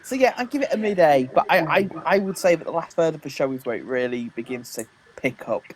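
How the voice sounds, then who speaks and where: A man's voice: a little high, lively intonation, quick pace, low-quality recording. A man giving his views as a guest in a casual online panel chat.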